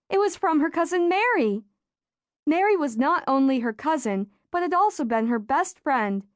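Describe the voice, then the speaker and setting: A woman narrating a children's audiobook in a lively storytelling manner. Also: sits high, no room sound, studio quality. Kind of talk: scripted narration. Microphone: studio microphone.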